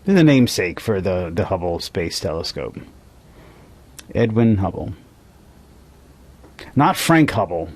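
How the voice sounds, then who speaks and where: A man's voice: sits low, very animated, a little slow, pauses often, a little mellow. A man co-hosting a podcast in casual chat, profane and rambling, a little tipsy. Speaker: podcast co-host.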